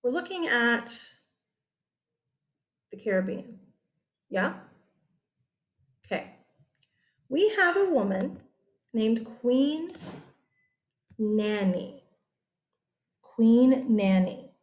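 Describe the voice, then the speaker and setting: A woman's voice: a little high, expressive, extremely slow, pauses often. A woman teacher giving a casual, chatty history lecture over slides. She often checks in with her listeners.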